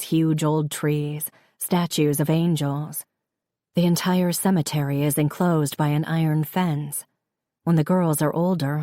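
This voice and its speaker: A woman narrates a first-person novel in a calm, reflective way. Her voice is low and mellow. The recording is close and dry. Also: no room sound. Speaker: audiobook narrator.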